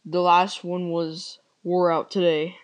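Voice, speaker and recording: A woman plays up a comedic confession with theatrical, deadpan despair. She talks slowly and drags her words out, in a voice sitting a little low for a woman. The gloom is played straight for laughs. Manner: overly dramatic, deadpan despair. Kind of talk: mock-serious comedic confession.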